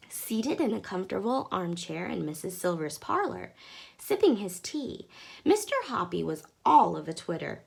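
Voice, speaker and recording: A woman reading a children's book aloud in a lively, expressive way. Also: fairly low pitch, moderate pace, vocal fry, breathy edge. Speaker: storyteller.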